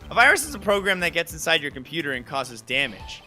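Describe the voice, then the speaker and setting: Man, let's play reader, dry sardonic delivery, bright tone. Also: a little high, sing-song, quick pace, soft background music. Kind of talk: reading game dialogue aloud.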